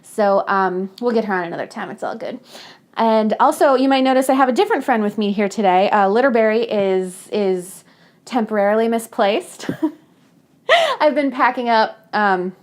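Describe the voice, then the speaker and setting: A woman's voice: a little high, animated, moderate pace. A woman from the hosting a casual book club podcast, chatty and giggly with lots of fillers. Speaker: podcast host.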